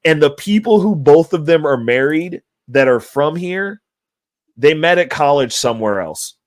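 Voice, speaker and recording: A man's voice: on the high side, moderate pace, no echo, clean studio sound. A man telling crude, rambling stories on a livestream, laughing often. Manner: profane, laughing, animated storyteller. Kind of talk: casual storytelling chat.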